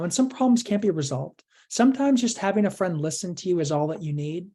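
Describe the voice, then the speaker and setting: A woman presents an online workshop in a low-pitched voice. Her tone is mellow and warm, and she coaches earnestly, asking the audience question after question. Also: expressive, fairly quick, hardly any pauses.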